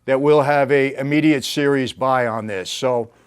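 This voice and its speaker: A man's voice: mid-range voice, normal speed. A middle-aged man hosting a casual interview, earnest and complimentary. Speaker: interview host.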